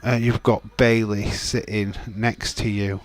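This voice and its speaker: A man's voice: fairly low pitch, little pitch movement, slow pace. Laughing, joking man hosting a stream. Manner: jokey, reads chat aloud, laughs often. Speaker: livestream host. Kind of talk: casual watch-along chat.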